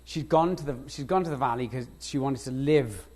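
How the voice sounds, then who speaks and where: A Welsh actor in an on-stage conversation, telling lively anecdotes with frequent laughs and restarts. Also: male voice, mid-range voice, fairly quick. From Wales. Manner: animated anecdotes, laughs often, self-interrupting restarts. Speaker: guest actor. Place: lecture stage before an audience.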